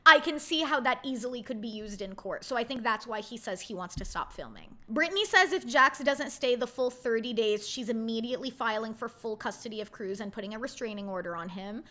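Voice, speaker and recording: Young woman, bright tense voice, blunt indignant recap talk, fairly high. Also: lively intonation, fairly quick, few pauses. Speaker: reality TV recap host. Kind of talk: casual opinionated recap.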